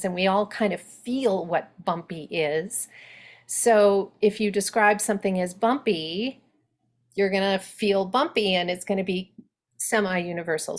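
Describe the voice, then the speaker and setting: Slow, deliberate woman dialect coach. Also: medium pitch. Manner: deliberate, explanatory, thinking aloud. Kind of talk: instructional talk for actors.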